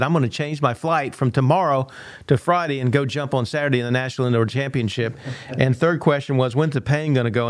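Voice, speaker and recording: This older man, both a coach and a university teacher, motivates listeners through lively storytelling in a mid-range voice. He acts out dialogue he quotes and repeats words now and then, with no room sound.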